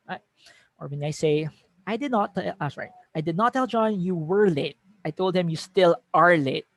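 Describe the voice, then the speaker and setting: A man's voice: fairly high pitch, no echo. A man with a Filipino accent giving an online lecture in a conversational way, reading sample sentences with shifting emphasis and often correcting himself. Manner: reads example sentences aloud with shifting emphasis, frequent self-corrections. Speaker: teacher giving a webinar. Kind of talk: conversational lecture mixing English and Tagalog.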